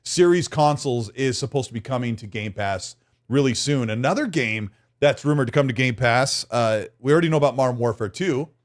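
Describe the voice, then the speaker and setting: A man's voice: mid-range voice, fairly quick. Man hosting a chatty gaming podcast. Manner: chatty, reads viewer comments aloud. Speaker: podcast host. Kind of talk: casual chat.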